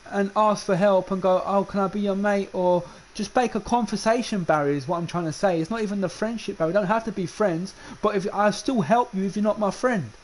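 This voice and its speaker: A man delivers an unscripted rant as a gaming streamer. His voice sits high, and he keeps circling back to the same points, stammering on restarts as his frustration builds. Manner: heated, repetitive, stammers on restarts. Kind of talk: unscripted ranting monologue.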